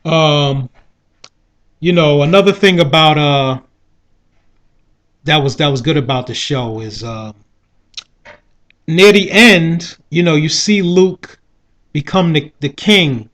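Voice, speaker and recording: A man's voice: fairly high pitch, slow, long pauses, fairly bright tone. A man giving a casual, rambling spoken review of a show, often asking "you know what I mean". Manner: rambling, with frequent 'you know what I mean'.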